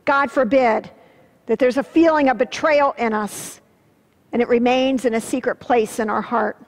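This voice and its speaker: A woman pastor giving an earnest sermon, swelling with emphasis and dropping low and soft on solemn words. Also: fairly even intonation, moderate pace. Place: church sanctuary. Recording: long church-hall reverb.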